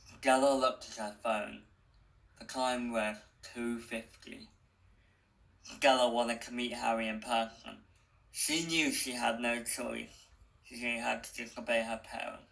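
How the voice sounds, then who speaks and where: A man reads a story aloud at a slow, deliberate pace with small restarts. His voice is gravelly but bright, with mid-range pitch. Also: flat delivery, poor audio. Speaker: narrator.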